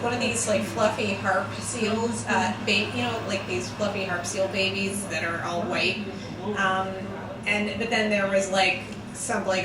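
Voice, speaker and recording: A woman recalling a dream in a casual, halting way with many hesitations. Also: medium pitch, heavy reverb, far from the mic, noisy background. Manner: halting, full of fillers and restarts. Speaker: interviewee describing a dream. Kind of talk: casual recollection.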